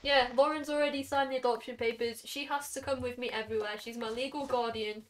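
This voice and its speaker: A woman's voice: on the high side, fairly even intonation. Chatty Welsh teen girl streamer. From Wales. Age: late teens. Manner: chatty, reacting to chat with quick asides. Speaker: game streamer. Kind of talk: casual live-stream chat while gaming. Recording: somewhat distant mic with faint music.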